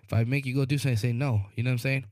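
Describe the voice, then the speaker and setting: A man's voice: medium pitch, fairly even intonation, rapid-fire, a little mellow, no echo, clean studio sound. A man co-hosting a podcast, telling a long rambling story in casual chat, often asking "you know what I mean" and acting out the people in it. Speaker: podcast co-host.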